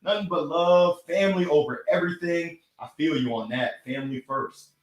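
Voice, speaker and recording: An upbeat man in his thirties hosts a live motivational stream and reads out viewers' comments with effusive thanks. His voice sits fairly high for a man. The sound is roomy and echoey. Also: normal speed, lo-fi sound. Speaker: host of a weekly live motivational show.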